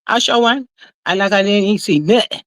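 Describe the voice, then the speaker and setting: Speaking a little fast in a fairly bright, mid-range voice, this livestream host chats away, greets her viewers and reads their messages aloud in Southern slang, calling everybody "child." The recording is dry and the sound quality poor.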